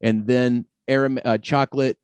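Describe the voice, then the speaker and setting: Male podcast host, mid-pitched voice, dry close recording, chatty, joking. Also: steady tone, darkish tone, clear, resonant tone, dry recording. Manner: chatty and jokey, quick to laugh. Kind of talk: casual podcast chat.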